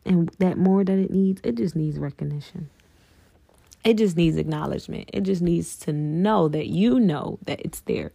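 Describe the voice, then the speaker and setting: Gravelly earnest woman podcaster. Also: lowish voice, moderate pace, dark tone, no room sound. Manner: earnest, profane, addresses listeners as y'all. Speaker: podcast host. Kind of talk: casual spiritual monologue.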